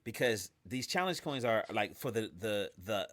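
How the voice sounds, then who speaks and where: Animated storytelling pastor, man. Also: lowish voice, moderate pace, no echo, clean studio sound. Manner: lively storyteller, casual slang, acts out voices. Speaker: pastor and writer, guest.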